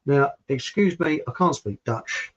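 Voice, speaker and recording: A man's voice: medium pitch, expressive, unhurried, fairly bright tone. A man hosting his own channel, giving a blunt, digressive opinion monologue with frequent restarts and some mild swearing. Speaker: channel host. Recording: dull lo-fi recording.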